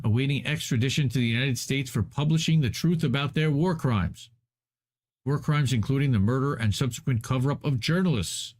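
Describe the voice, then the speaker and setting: A man's voice: mid-range voice, darkish tone. A man hosting a live stream, reading an article aloud with emphatic delivery and sardonic asides.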